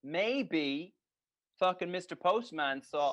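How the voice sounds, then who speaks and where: Man, podcast co-host, ranting, sweary, slightly high voice, muffled audio. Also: animated, slow pace, a bit bright. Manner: ranting, sweary, laughing at his own story. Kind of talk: casual chat.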